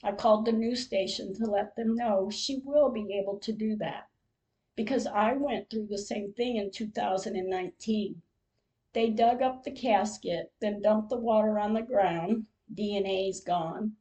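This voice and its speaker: An older woman tells her own story slowly and carefully, reading it like diary entries. Her voice is mellow and soft-edged, with a warm, unhurried delivery that carries feeling beneath it. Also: mid-range voice, low-quality recording. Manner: slow, measured storytelling with emotional moments. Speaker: podcast host. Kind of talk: reading a personal diary-style account.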